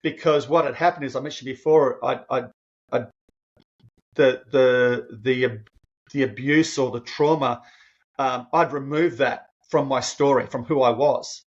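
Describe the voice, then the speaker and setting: With a breathy edge to his mid-range voice, this man speaks at a measured pace over lo-fi sound. A podcast guest in his 50s, he tells a personal story in an earnest, emotional way, restarting phrases often and becoming lively when quoting himself.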